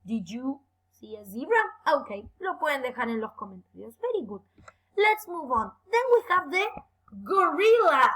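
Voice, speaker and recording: A young woman leads a bilingual English lesson for children. Her voice sits high and sounds bright, and her pitch swings widely. She is encouraging throughout and slows down to stress each new word. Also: rough recording. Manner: lively, encouraging, slow careful emphasis on words. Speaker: English teacher.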